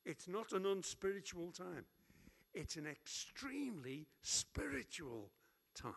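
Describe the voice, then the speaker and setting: A man's voice: high-pitched, slow, vocal fry, husky. Man preaching in a reverberant hall. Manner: lively, humorous, acts out prayers. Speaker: pastor. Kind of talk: sermon.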